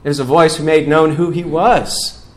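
A man's voice: a little high, fairly even intonation, moderate pace. Earnest preaching man, drawl. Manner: earnest preaching, rising loud on scripture readings. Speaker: guest preacher. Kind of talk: sermon.

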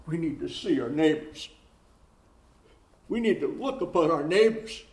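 A pastor preaching a sermon, repeating phrases for emphasis and reading scripture aloud with rising force. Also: male voice, on the high side, lively intonation, measured pace, darkish tone. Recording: roomy echo.

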